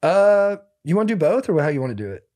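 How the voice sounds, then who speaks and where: A man hosting a podcast, telling stories in an animated, casual way and saying "dude" a lot. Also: sits high, fast talker. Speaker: podcast host.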